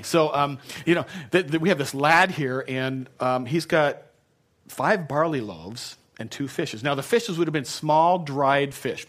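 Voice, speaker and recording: A man preaching a relaxed, conversational sermon, his voice sitting at an ordinary middle pitch. He is chatty and self-deprecating, stops for many asides and restarts his sentences. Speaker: pastor.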